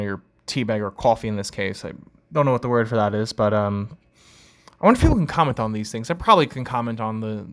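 Rambling man chatting solo on a podcast. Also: mid-range voice. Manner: rambling, self-joking, many fillers. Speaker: podcast host. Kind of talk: casual solo podcast chat.

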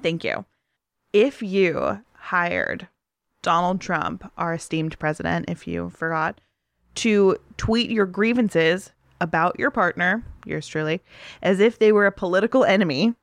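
Female podcast co-host, low-pitched and expressive, quick to laugh. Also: no echo. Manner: giggly, laughs often between lines. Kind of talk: casual comedic chat.

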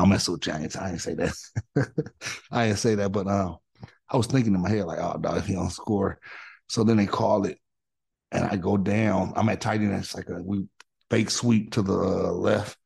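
Middle-aged guy with a low gravelly husky voice, hyped up telling football stories on a podcast. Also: fairly quick. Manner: animated, excitable storytelling with slang. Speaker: podcast guest, former NFL offensive tackle. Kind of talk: casual storytelling.

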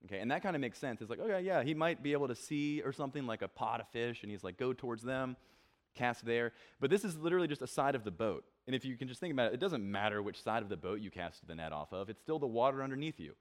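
A man's voice: medium pitch, animated, quick pace. A young man preaching a casual, conversational sermon, acting out quotes and joking about himself. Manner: conversational, self-deprecating, acts out quotes. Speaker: pastor.

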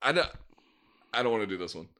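A man's voice: on the low side, expressive, fast, sharp tone. Swearing, argumentative podcast guy. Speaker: podcast co-host. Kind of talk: casual chat.

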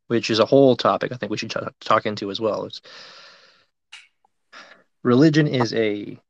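A man's voice: on the low side, normal speed, gravelly, no room sound. A man co-hosting a podcast in casual chat, blunt and opinionated, often cutting in. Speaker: podcast co-host. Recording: dull lo-fi sound.

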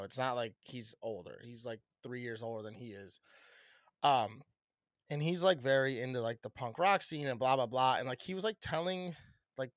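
A young man tells a story on a casual podcast. He is animated and swears freely, with a mid-pitched voice. The sound is dry and close to the mic. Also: no room sound. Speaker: podcast co-host. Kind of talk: casual chat.

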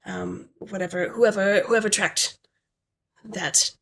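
A woman voicing a fussy, hurried manager with a put-on British accent, hesitant and formal. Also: medium pitch, steady tone, creaky, a bit bright, slight background noise. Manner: hesitant, lots of ums, formal.

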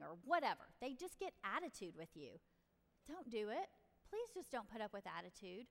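A woman's voice: medium pitch, sing-song, moderate pace, big-room sound. A middle-aged woman hosting a parenting talk, chatty and direct, often acting out what parents and kids might say. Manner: chatty, direct, acts out parent and child lines. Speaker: parenting podcast host. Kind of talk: casual advice talk.

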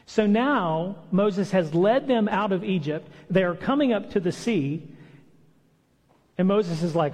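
A man's voice: sits high, lively intonation, measured pace, a little mellow, in a large hall. A man preaching a sermon in a conversational way, acting out the lines he quotes. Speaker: pastor. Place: church hall.

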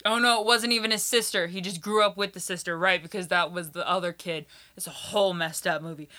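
A woman chatting casually as a podcast guest, telling animated stories with lots of "like" fillers and frank swearing. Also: lowish voice, quick pace. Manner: animated storytelling, many "like" fillers, swears freely. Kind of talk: casual chat.

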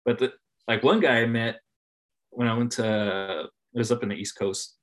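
A man in casual conversation, laid-back, swearing freely and trailing off softly at the ends of his phrases. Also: medium pitch, fairly even intonation, moderate pace. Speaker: podcast guest. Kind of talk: casual chat.

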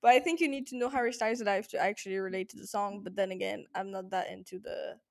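A woman's voice: mid-range voice, fast, vocal fry, darkish tone. A young woman co-hosting a podcast in casual chat, laughing often and teasing playfully. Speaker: podcast co-host.

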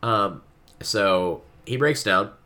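A man's voice: on the low side, very slow, pushed and bright. A man co-hosting a podcast, chatting casually about a book and giving frequent listener backchannels.

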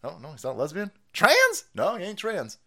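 Brief: foul-mouthed male stream host, high and lively, sarcastic rant. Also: fast, breathy edge. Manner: profane, mocking, animated. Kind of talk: livestream rant commentary.

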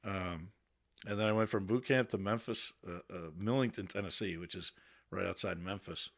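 A man's voice: sits low, moderate pace. A man, a podcast guest and Navy veteran, telling stories in casual, candid talk with plenty of swearing. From Boston area. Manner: candid, swears freely, quotes himself in raised voice. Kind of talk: casual storytelling. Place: podcast studio.

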